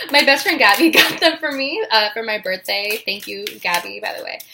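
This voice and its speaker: A woman's voice: fairly high pitch, expressive, moderate pace, noisy background. A young woman reading tarot cards in a casual vlog, emotional and giggly, with many fillers. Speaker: tarot reader.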